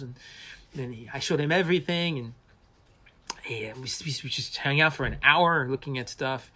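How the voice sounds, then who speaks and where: A man's voice: medium pitch, moderate pace. A man from France, a visual effects artist, telling stories in a casual interview with many restarts and acted-out quotes. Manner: animated storyteller, acts out quoted voices, many restarts.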